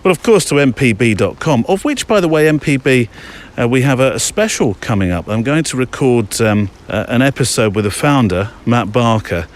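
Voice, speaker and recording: A man's voice: medium pitch, lively intonation, moderate pace, few pauses. A man hosting a podcast while walking outdoors through woodland, talking in a casual, rambling way with lots of fillers. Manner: chatty, rambling with many fillers. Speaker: podcast host.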